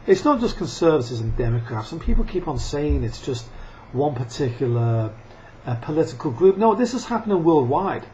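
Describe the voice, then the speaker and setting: A man's voice: a little high, darkish tone. A man ranting angrily into the camera, swearing often, laughing and coughing between rants. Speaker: vlogger. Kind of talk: profane ranting monologue. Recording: dull lo-fi sound with faint noise.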